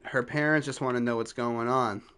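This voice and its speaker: A man quoting a calm woman school dean. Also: medium pitch, moderate pace, smooth, lightly acted. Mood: reassuring. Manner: soothing, matter-of-fact.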